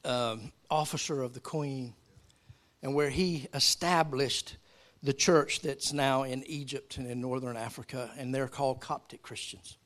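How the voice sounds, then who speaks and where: A male pastor preaching a sermon, telling a story in a calm tone before building to raised, emphatic preaching. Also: medium pitch, a little slow.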